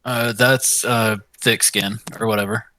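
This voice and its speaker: A man's voice: lowish voice, steady tone, unhurried, bright, forceful tone. A man playing a tabletop game, hesitant and full of fillers. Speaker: player. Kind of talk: casual tabletop play.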